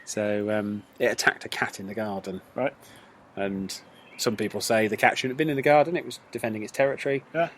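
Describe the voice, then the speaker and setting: A man's voice: fairly low pitch, a little fast, slight background noise. A man with a northern English accent, co-hosting a podcast in casual banter, telling jokey stories with frequent laughs. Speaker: podcast co-host. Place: back garden.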